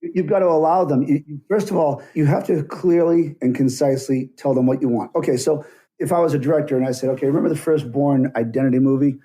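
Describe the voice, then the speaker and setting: A man's voice: a little high, fairly even intonation, quick pace, warm tone. A middle-aged man, a stunt coordinator, telling work stories bluntly and acting out both sides of conversations. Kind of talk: casual interview storytelling.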